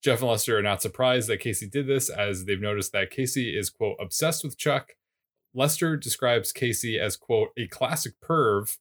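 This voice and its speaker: A man's voice: mid-range voice, normal speed, fairly bright tone. A man co-hosting a podcast, recapping an episode in casual chat with a wry, teasing manner. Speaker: podcast co-host.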